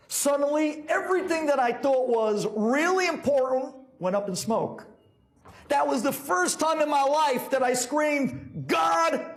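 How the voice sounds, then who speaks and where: A frantic businessman facing trial, pleading and exasperated as a storyteller acts him out. His voice runs high and jumps all over the place. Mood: anguished.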